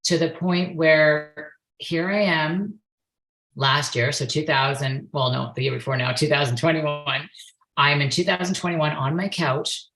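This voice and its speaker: A woman with a low, grounded voice speaks as an interview guest in her forties. She is earnest and heartfelt, and at times she acts out her past outbursts as she tells a personal story. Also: fairly bright tone, rough recording. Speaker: guest, perception facilitator and yoga instructor.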